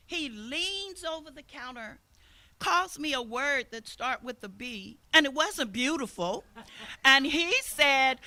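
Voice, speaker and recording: A woman's voice: sits high, animated, a little slow, sharp tone. An older woman minister giving a sermon outdoors, telling stories in an earnest way and acting out the voices she quotes. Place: outdoor service.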